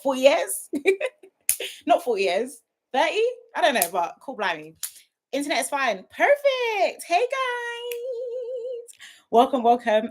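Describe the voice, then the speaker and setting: A young woman, hosting a livestream from home. She chats playfully and loosely, calls out viewers by name and fills the gaps with easy banter. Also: medium pitch. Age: 20s. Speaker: YouTube livestream host. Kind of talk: casual livestream chat greeting viewers. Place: at home, her sister's house.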